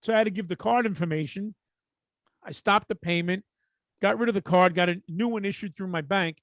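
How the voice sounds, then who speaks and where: New guy on a podcast, kinda high voice, swears a lot, acts out the convos, dry close mic. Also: fairly quick, no room sound. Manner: profane, animated storyteller acting out dialogue. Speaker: podcast co-host. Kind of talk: casual chat, storytelling.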